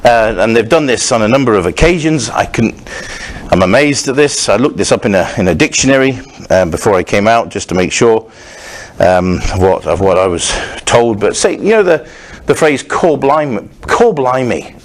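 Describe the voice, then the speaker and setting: Man, pastor, sermon, lively rising and falling pitch, rambling restarts, humorous asides. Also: moderate pace. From Scotland. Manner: conversational, wandering preaching with frequent restarts and humorous asides.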